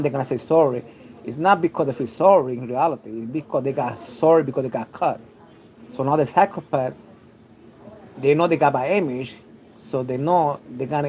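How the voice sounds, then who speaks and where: A man hosting an online livestream speaks in a slightly mellow, medium-pitched voice with a mixed New York City accent. The recording is rough, and his talk wanders and voices strong opinions, with frequent fillers and restarts.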